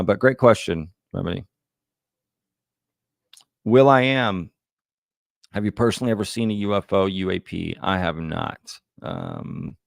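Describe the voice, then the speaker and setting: A man's voice: sits low, creaky, no echo, clean studio sound. A man hosting a live Q&A, reading chat comments aloud and laughing often. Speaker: livestream host.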